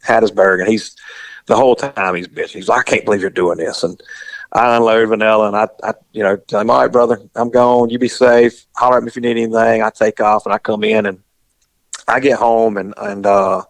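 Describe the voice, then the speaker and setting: A man tells a story in casual chat, mid-pitched and animated, acting out each line of dialogue. The recording is close and dry, with no room sound. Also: a little fast, gravelly, no room sound. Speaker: guest telling a story.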